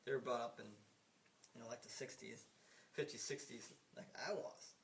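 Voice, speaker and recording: Heard from some distance off the mic on a hissy recording, a US vlogger in his sixties talks in a rambling, casual monologue full of emphatic repetition, frequent restarts and occasional swearing. His creaky, medium-pitched voice holds a steady tone at normal speed.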